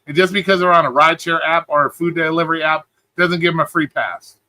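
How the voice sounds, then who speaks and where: Fast and steady in tone, a man with a slightly high, pushed, bright voice hosts a livestream with no room sound. He rants in a profane, mocking way, responding to chat and mimicking others in a whiny voice.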